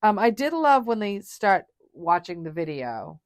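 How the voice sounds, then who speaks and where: A woman's voice: medium pitch, very animated, unhurried, dry recording, studio quality. A woman co-hosting a podcast, chatting casually and enthusiastically about a film and acting out its scenes. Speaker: podcast co-host.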